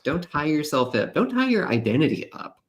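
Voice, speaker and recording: A man co-hosting a casual developer live stream. He talks in a calm, reflective way and often adds "right?". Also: a little high, fairly quick, muffled recording.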